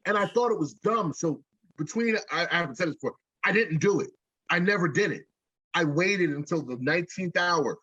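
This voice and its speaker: A man's voice: high voice, a bit bright, husky, dry recording. A rapper being interviewed, telling a long story in a loose, jokey, profane way, stumbling and restarting as he goes. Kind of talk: casual storytelling. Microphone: video call. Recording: dull lo-fi video call audio.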